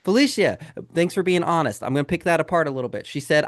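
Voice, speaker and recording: This real estate sales trainer talks fast in an expressive, somewhat high voice, teaching a live sales webinar straight to his audience. He calls them "guys" and hits them with rhetorical questions, all in clean studio sound without echo.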